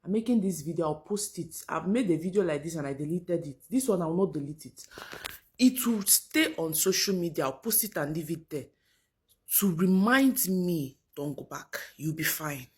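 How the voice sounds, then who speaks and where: A woman's voice: fairly low pitch, lively intonation, moderate pace. A mother in an emotional personal video, pleading and on the verge of tears, her voice sinking almost to a whisper. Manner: pleading, voice dropping to near whisper. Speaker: mother leaving a marriage.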